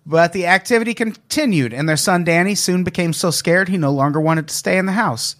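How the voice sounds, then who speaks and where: A man hosting a casual podcast, reading out spooky stories and joking with friends. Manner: storytelling with animated pitch, quick to laugh. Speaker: podcast host.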